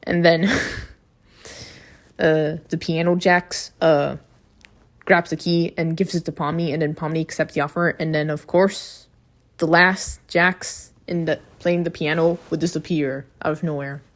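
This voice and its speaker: A woman's voice: sits low, fairly even intonation, measured pace. A woman giving a casual, chatty recap of a cartoon episode, with blunt, profane reactions. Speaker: video reviewer.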